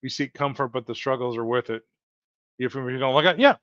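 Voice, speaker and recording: A man's voice: mid-range voice, fairly quick, a bit bright, no room sound. A man hosting a livestream, talking earnestly and repetitively as he encourages his viewers, whom he calls folks. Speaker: livestream host. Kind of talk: heartfelt motivational livestream talk. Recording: dull lo-fi dry sound.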